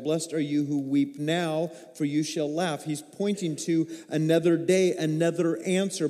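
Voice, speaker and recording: A middle-aged male pastor delivers a sermon in a high, mellow voice. He tells stories with feeling and swings up into excited, rising peaks. His voice rings through a church hall with a long reverb.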